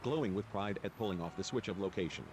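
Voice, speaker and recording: A man's voice: deep voice, fast, noisy background. A man narrating a let's play, reading the game's story text aloud and voicing its characters lightly. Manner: reads dialogue in lightly shifted character voices. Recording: background game music. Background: game music.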